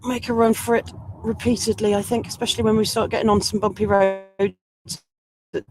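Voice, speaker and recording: A woman's voice: mid-range voice, little pitch movement, a little fast, a little mellow, faint music behind, low-quality recording. A woman in casual live commentary while she drives, talking to viewers and laughing often. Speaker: storm chaser streaming live. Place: inside a moving car. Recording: faint road noise from the car.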